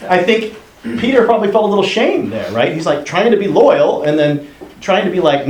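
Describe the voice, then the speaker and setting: A man's voice: fairly high pitch, lively intonation, fast, a little mellow. Man leading a roomy group discussion. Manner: reads passages aloud and asks the group questions. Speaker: discussion leader. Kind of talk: group Bible study discussion. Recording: roomy room sound, faint noise.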